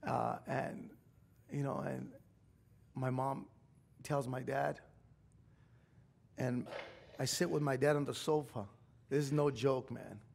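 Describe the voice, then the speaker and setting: Here a middle-aged pastor delivers testimony during a church sermon, his medium-pitched voice carrying vocal fry. The personal story comes out emotional and confessional, swelling into shouting at points.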